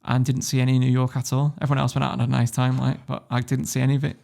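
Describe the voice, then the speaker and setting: A man from Warrington with a northern English accent, telling stories as a podcast guest in a casual, animated way, swearing freely. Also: medium pitch, racing, gravelly. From Warrington, England. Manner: animated storyteller, swears freely, laughs often. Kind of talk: casual interview storytelling.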